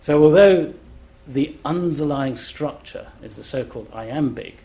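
A man's voice: fairly high pitch, a little slow, mellow, a little hiss or hum. A middle-aged man giving a lecture-style talk as a classics scholar on a festival panel. He is enthusiastic and chants rhythms aloud in syllables to show them. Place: live event, indoors.

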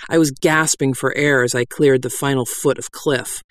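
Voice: medium pitch, steady tone, moderate pace. A reader narrating a comic fantasy tale in a dry, wry storytelling style. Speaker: audiobook narrator.

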